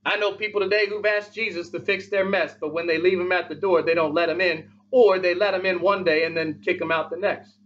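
A male pastor preaching a sermon in an emphatic, repetitive style, swinging between loud and soft. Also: sits high, steady tone, brisk, hardly any pauses, muffled recording, a little hiss or hum.

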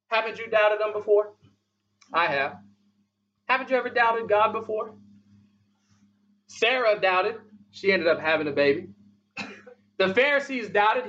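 A man with a very high, sharp, bright voice delivers a sermon, hammering points home through repetition and sudden drops in volume. The recording sounds dull and lo-fi. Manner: emphatic, repetitive preaching with big swings in loudness. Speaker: pastor.

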